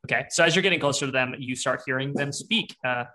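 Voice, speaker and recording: A man's voice: medium pitch, quick pace, sharp tone. A young man narrating as game master, rambling and descriptive with many fillers.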